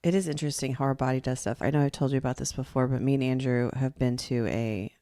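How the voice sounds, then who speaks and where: A young woman co-hosting a casual chat, explaining things in a chatty way and laughing quickly. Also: very deep voice, fairly even intonation, dark tone, no room sound, clean studio sound. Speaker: podcast co-host.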